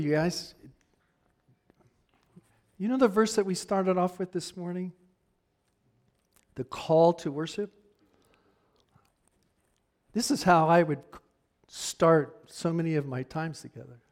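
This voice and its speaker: A man preaching a sermon in a conversational way, dropping to near-hushed asides and then rising to fired-up emphasis. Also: a little high, lively intonation, slow, pauses often.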